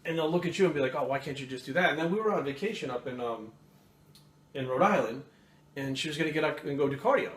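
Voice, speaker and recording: A man hosting a fitness channel, chatting casually to camera at home in a fast, profane, animated rant. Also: a little high. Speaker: fitness coach and channel host. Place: home kitchen. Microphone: camera mic. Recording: roomy echo, faint room noise.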